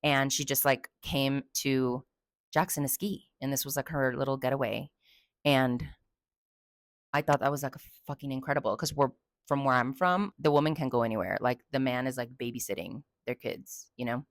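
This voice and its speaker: Low-voiced, dry-sounding, casual woman storyteller. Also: moderate pace, no room sound. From Texas. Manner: chatty, swears freely, frequent fillers. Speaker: podcast host.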